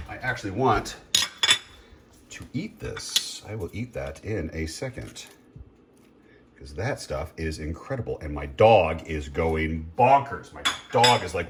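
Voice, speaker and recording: While making food at home, this man keeps up a rambling, chatty commentary, breaking off mid-thought and using plenty of fillers like um and uh. His voice is lowish and a bit bright, with slight noise in the background.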